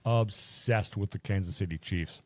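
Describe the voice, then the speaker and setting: Male podcast co-host, animated swearing raconteur, dry studio sound. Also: on the low side, unhurried, no room sound, soft background music. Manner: profane, animated storytelling with voiced quotes. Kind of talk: casual chat.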